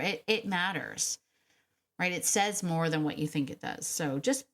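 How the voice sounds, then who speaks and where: A woman hosting her own dog-training podcast, talking in a chatty, emphatic solo monologue with quick restarts and laughs. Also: on the low side, expressive.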